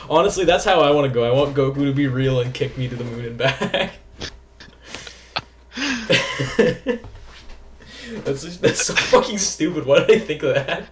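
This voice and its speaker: A man's voice: on the high side, lively intonation, measured pace, long pauses, noisy background. A young man hosting a casual podcast, rambling and giggling at his own jokes. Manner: giggly, rambling, self-mocking. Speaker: podcast host. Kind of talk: casual chat.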